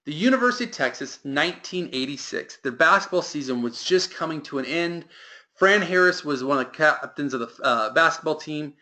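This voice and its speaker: A man's voice: fairly high pitch, animated, a little fast, bright, forceful tone. A man giving a motivational sales training talk to a team, with emphatic delivery that lifts and drops.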